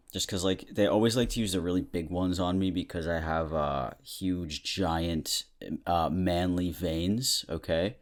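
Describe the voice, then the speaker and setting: A young man hosting a podcast, telling stories in a chatty, self-deprecating way and laughing often. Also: low voice. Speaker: podcast host. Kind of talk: casual comedic monologue.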